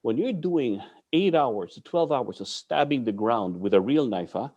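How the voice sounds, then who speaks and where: A man's voice: mid-range voice, animated, moderate pace, a little mellow, muffled recording. A man from the Philippines tells a story with a voice that swings widely up and down. He talks bluntly as a martial arts guest and drops curses along the way. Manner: blunt, swears freely, mixes in Tagalog curses. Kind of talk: animated storytelling.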